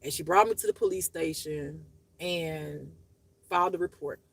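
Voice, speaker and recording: A woman's voice: deep voice, normal speed, gravelly, no echo. A woman hosting her own channel, talking unscripted to her viewers in a blunt, profane, emotional way, her voice rising and dropping as she speaks. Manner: raw and confessional, voice rising and dropping. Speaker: channel host. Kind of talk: unscripted personal monologue to viewers.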